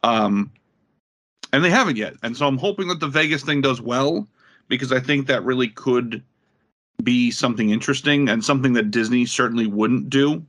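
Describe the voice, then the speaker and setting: A man's voice: mid-range voice, moderate pace, fairly bright tone. A man co-hosting a casual podcast, telling stories in a rambling way with many fillers and getting incredulous as he goes. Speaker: podcast co-host.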